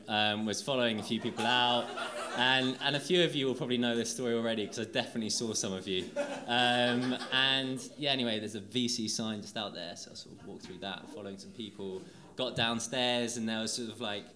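A man telling a story at an open mic, halting and sheepish, with many ums. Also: mid-range voice, fairly even intonation. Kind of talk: hesitant anecdote. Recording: crowd noise in a live venue.

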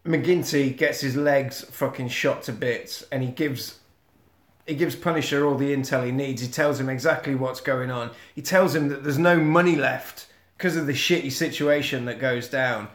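A man's voice: medium pitch, normal speed, fairly bright tone. A man co-hosting a podcast, recapping a film in casual chat and swearing freely. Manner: swears freely, blunt storytelling. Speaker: podcast co-host. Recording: roomy echo.

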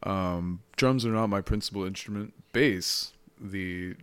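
A man's voice: deep voice, a little slow, a bit bright, smooth, no room sound. A young man, a podcast guest, chatting casually in a laid-back way with dry remarks. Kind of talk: casual chat.

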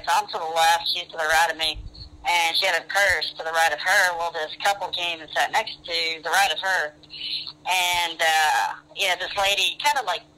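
Man on a phone line, bright voice, rambling casual storytelling, lots of fillers. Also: on the high side, slight background noise.

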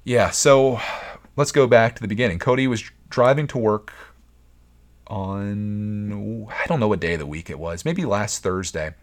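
Lower-voiced man hosting a rambling podcast. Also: expressive, unhurried. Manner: rambling, earnest, frequent restarts. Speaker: podcast host. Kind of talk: casual solo podcast talk.

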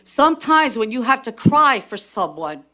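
A woman pastor preaching a sermon to her congregation, impassioned and building to shouted, repeated refrains. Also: fairly high pitch, big pitch swings, moderate pace. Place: church service with responding congregation.

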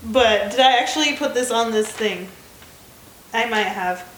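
A woman's voice: on the high side, unhurried, fairly bright tone, slight background noise. Woman, twenties, American accent, chatty podcast co-host, many fillers, echoey room. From United States. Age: 20s. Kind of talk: casual chat.

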